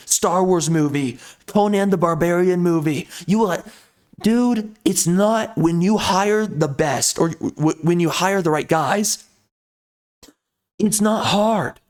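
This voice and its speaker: A video commentator with a high, slightly mellow voice rants at length, venting his frustration. He's blunt and keeps repeating himself.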